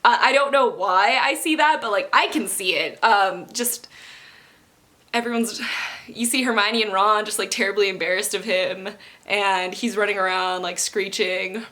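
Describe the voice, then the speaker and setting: A woman's voice: medium pitch, normal speed, sharp tone. A young woman chatting casually in a vlog, giggly and rambling with lots of fillers. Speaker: book vlogger.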